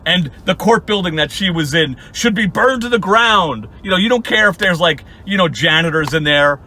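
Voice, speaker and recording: A man's voice: high-pitched, lively intonation, moderate pace, bright, forceful tone. A man hosting a casual commentary vlog, mocking someone with frequent laughs and silly impressions. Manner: mocking, laughs often, mimics others in goofy voices. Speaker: YouTube commentary host.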